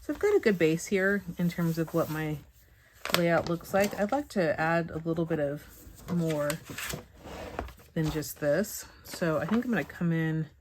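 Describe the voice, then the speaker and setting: A woman teaching Bible journaling, chatting softly and thinking aloud with hums and pauses as she works at a craft table. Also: sits low, a little hiss or hum. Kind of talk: relaxed craft tutorial narration.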